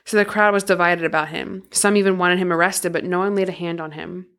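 A woman's voice: fairly low pitch, steady tone, brisk, a bit bright. Woman steadily reading scripture aloud. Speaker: podcast co-host.

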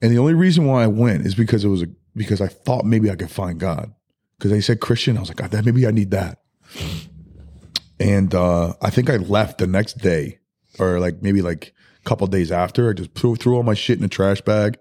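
A man as a podcast guest, telling his life story in a loose, candid way, halting and full of "like" and "dude". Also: fairly low pitch. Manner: soft-spoken and candid. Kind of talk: personal life story in a casual podcast interview.

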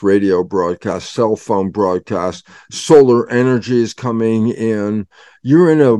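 A man's voice: fairly low pitch, dark tone, no echo. Older male guest, dramatic explainer who acts out his own conversations, dry mic. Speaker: guest scientist. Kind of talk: animated storytelling explanation.

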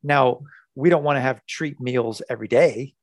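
A man coaching on a podcast, animated and repeating words for emphasis as he acts out conversations. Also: medium pitch, moderate pace, no room sound.

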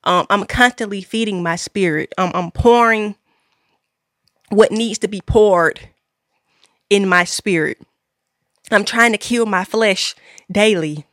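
A woman's voice: mid-range voice, slow pace, long pauses, a bit bright, no room sound, clean studio sound. A woman podcast host, giving an earnest faith-based talk to her listeners, repeating key lines with preacher-like emphasis.

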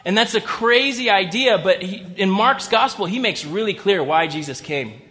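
A man's voice: sits high, lively intonation, normal speed, bright, forceful tone. A man preaching a sermon as pastor, in a conversational style with humorous asides. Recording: long reverb of a large hall.

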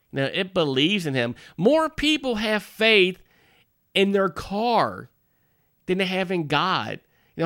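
A man's voice: sits high, pushed and bright, no echo, clean studio sound. A man who is a minister, giving a folksy devotional talk to parents in a conversational way, with frequent asides and restarts.

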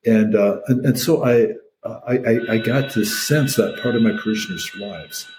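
Older man, priest, halting reflective talk, dark mellow tone, slight hiss behind. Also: medium pitch, rough recording. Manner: hesitant, many restarts and fillers. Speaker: priest, podcast guest.

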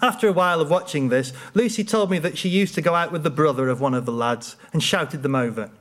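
Male storyteller, dry wit, deadpan delivery, slightly high voice. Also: fast. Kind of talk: humorous personal storytelling.

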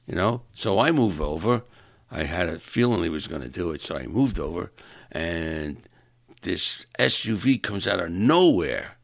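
A man's voice: deep voice, big pitch swings, a little slow, gravelly, no echo, clean studio sound. A man in a rambling comic monologue, exasperated and ranting, stumbling over repeated words as he vents. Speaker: stand-up comedian.

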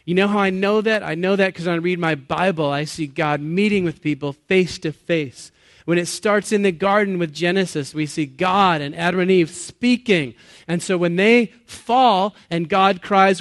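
A man's voice: sits high, moderate pace. A man in his late thirties preaches to a gathered congregation in a slightly raised voice. He talks in an earnest, chatty way, laughs at himself, and quizzes the crowd. The sound is close and dry, with little room echo. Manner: conversational and earnest, laughs at himself, asks the audience questions. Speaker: pastor. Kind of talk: sermon. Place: church or meeting hall with an audience.

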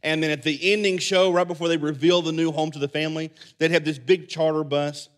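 Male pastor, higher voice, animated sermon delivery with loud and soft swings. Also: brisk. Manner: animated preaching, voices characters in loud bursts and drops to soft quiet endings.

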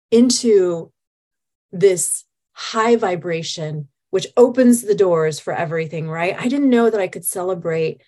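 A woman's voice: medium pitch, mellow. A woman guest, a hypnotist, speaking in an earnest, enthusiastic and reflective way. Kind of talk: casual chat.

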